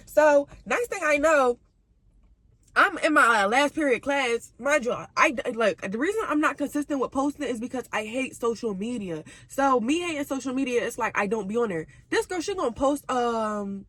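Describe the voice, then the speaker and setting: Animated slangy young woman vlogger. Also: normal speed, no echo. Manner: animated, slangy, jumps between high and low pitch. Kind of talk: casual storytime.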